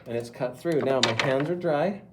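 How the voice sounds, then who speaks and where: A man's voice: mid-range voice, moderate pace. Middle-aged guy walking a class thru throwing bowls, chatty, noisy studio. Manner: chatty, talks students through each step. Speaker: pottery teacher. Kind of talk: live wheel-throwing demonstration.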